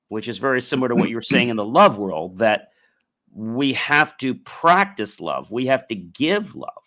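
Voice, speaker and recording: A male podcast host chatting casually with his guest, his voice sitting at an ordinary middle pitch. He talks expressively and slips into animated asides. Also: moderate pace. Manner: expressive, acts out imagined voices. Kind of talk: casual interview chat.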